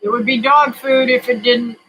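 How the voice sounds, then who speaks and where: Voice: medium pitch, fairly even intonation, normal speed, pushed and bright, low-quality recording. A homesteading vlogger chatting casually to camera in a home kitchen, folksy and rambling, with many fillers.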